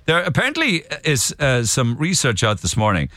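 A man's voice: medium pitch, wildly swooping pitch, moderate pace, sharp tone, no room sound, studio quality. A man with a Cork accent, hosting a radio show and chatting through the morning's newspaper stories with jokey asides. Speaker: radio host. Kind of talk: casual radio chat.

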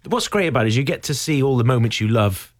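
A man's voice: mid-range voice, lively intonation, fast talker, no room sound. A male actor being interviewed talks about his role with a lot of enthusiasm. He is chatty and leans on fillers, and his voice sits in a middle range. The sound is close and dry. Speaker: stage actor guest. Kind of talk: casual chat.

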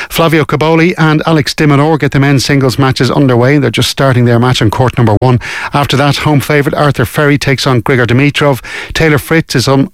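A man reading a scripted radio sports bulletin in a brisk, measured way. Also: mid-range voice, no room sound, studio quality. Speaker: newsreader.

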